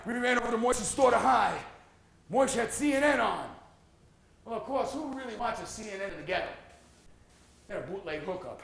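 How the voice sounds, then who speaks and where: High, bright-voiced New storyteller man. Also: lively intonation, moderate pace, vocal fry, long pauses. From Puerto Rican, raised in New York. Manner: loud, punchy storytelling. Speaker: solo performer. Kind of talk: comic one-man stage monologue. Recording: echoey room with faint ambience.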